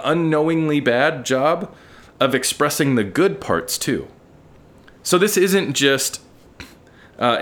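A man's voice: mid-range voice, fairly bright tone. A man hosting a solo podcast, talking through his thoughts in an earnest, candid way and swearing casually. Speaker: podcast host. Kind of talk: solo reflective monologue.

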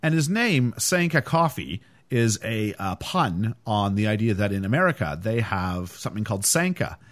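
Lively-voiced man hosting a film podcast. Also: lowish voice, normal speed. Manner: animated, chatty with frequent fillers. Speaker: podcast host. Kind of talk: casual film discussion.

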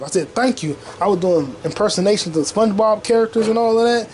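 A young man hosting a casual solo podcast, talking in an excited, profane and repetitive way, full of street slang. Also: sits high, brisk, a little hiss or hum, poor audio. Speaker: podcast host.

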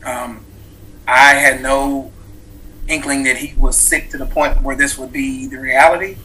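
Earnest, bright-voiced man in his thirties. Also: mid-range voice, fairly even intonation, measured pace, slight background noise, poor audio. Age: 30s. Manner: earnest, reflective, with many fillers and restarts. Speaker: guest, author. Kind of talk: personal story in an interview.

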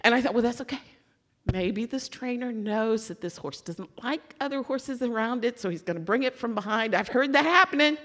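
A woman from Louisville giving a sermon as a lively personal story, acting out her own excitement and letdown. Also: on the high side, moderate pace. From Louisville, Kentucky. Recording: long hall reverb.

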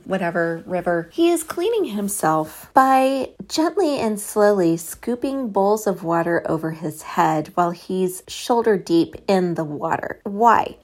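A woman's voice: medium pitch, a little mellow. A woman in her thirties casually recapping a movie, full of sarcastic asides and frequent swearing.

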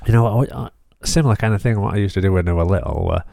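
A man's voice: fairly low pitch, rapid-fire, creaky, warm tone, no room sound, clean studio sound. A man co-hosting a podcast, chatting casually and rambling through stories with laughs. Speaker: podcast co-host. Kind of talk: casual chat.

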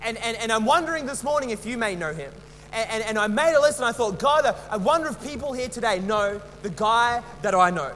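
A young man preaches a sermon in a high voice, stumbling over restarts and repeating words as he goes. His voice rings through a church hall with a long reverb tail. A faint hum sits underneath. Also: animated, fairly quick, fairly bright tone. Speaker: pastor.

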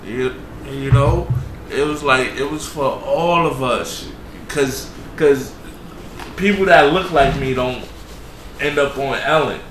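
Man, podcast host, casual chat, bright voice, halting, repeats words, roomy recording. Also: mid-range voice, a little hiss or hum. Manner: halting, repeats words while searching for them. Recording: roomy room with faint ambience.

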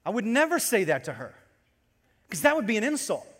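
A man preaching a sermon to his congregation as pastor, animated and storytelling as he goes. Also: high-pitched, fairly quick, long reverb tail.

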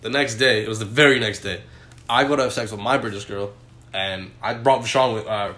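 A man's voice: lowish voice, brisk, bright, forceful tone, reverberant. A young man co-hosting a crude podcast chat, telling stories and laughing a lot. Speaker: podcast co-host.

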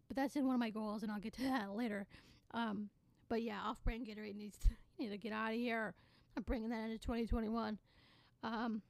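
A teenage girl hosting her own podcast, ranting in a sassy, sarcastic way with sudden loud bursts. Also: on the high side, creaky, no room sound. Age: teens. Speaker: podcast host. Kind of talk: casual solo podcast rant.

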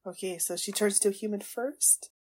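A woman podcast host gushing through a casual watchalong, with excitable reactions, gasps and exclamations, and tearful at times. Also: medium pitch, moderate pace.

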